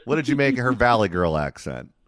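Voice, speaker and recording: A man hosting a talk radio show, speaking in a sarcastic, animated way. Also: medium pitch, fast, dry recording.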